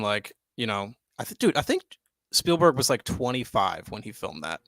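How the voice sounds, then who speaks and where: A young man co-hosting a podcast, chatting loosely and excitedly, swearing freely and filling with "like" and "dude". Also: on the low side, normal speed, no room sound. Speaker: podcast co-host. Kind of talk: casual chat. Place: home studio, live stream.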